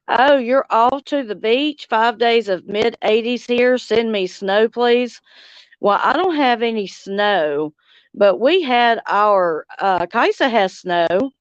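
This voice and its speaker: Slow-drawling Louisiana woman. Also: on the high side, lively intonation, clear, resonant tone, no echo, lo-fi sound. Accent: Southern US, Louisiana. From Louisiana, United States. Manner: slow, drawling, laughs often. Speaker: livestream host. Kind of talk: casual livestream chat, reading comments. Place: outdoors on a front porch swing.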